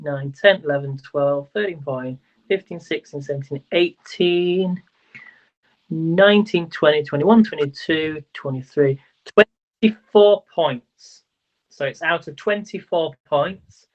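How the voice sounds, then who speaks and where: Counting aloud and stumbling as he goes, a chatty man hosts a livestream quiz at a measured pace. His voice sits on the high side, and the recording is dull and lo-fi.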